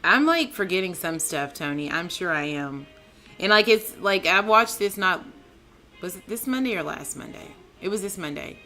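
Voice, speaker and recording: A woman hosting a casual TV recap, excitable and chatty, calling out to her co-host and viewers with lots of "like", "man" and "dude". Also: lowish voice, normal speed, faint music behind. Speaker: TV show reviewer, channel host.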